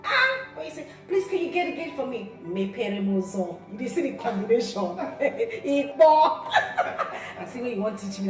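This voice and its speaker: An actress playing a cheeky, sharp-tongued young village woman who teases loudly and speaks with a Nigerian Pidgin accent. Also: medium pitch, natural voice. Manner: mocking, loud, laughs through lines. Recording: echoey room, mic far off, soft music.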